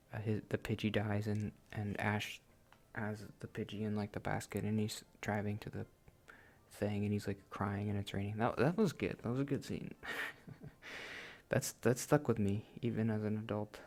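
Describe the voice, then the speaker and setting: A man in his late twenties, speaking with a fairly low, slightly mellow voice, hosts a gaming channel. He chats casually and self-deprecatingly during a let's-play, frequently cracking himself up.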